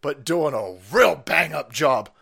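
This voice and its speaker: A man hosting a stream, ranting in a foul-mouthed, mocking way, often laughing and jumping up in pitch when excited. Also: a little slow, vocal fry, slightly rough. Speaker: streamer and host. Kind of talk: profane ranting commentary stream.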